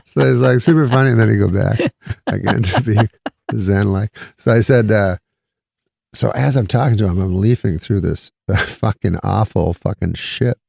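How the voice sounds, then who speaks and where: Deep, gravelly deadpan storyteller man. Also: moderate pace, no echo, studio quality. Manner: rambling, deadpan, laughing between lines. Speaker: comedian guest. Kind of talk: casual anecdote telling.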